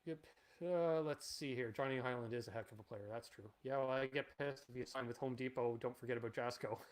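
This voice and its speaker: A man's voice: mid-range voice, a little fast. A man in his forties hosting a casual livestream Q&A, rambling and blunt and swearing freely. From Canada. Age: 40s. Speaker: channel host.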